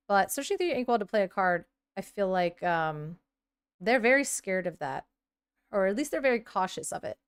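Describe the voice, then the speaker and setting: A woman in her thirties chatting casually on a live stream, reacting aloud as she scrolls and now and then breaking into excited squeals. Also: mid-range voice, clear, resonant tone.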